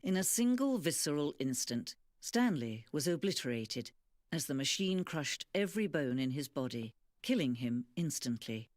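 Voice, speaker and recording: An actor playing a calm, wry, all-knowing male narrator, voicing measured, dry narration for a game. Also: fairly high pitch, slight background noise. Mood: grim.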